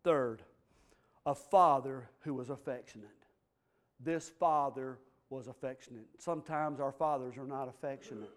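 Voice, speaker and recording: A man preaching as pastor, emphatic, swinging from low, quiet asides to loud, stressed lines. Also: normal speed. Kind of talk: sermon.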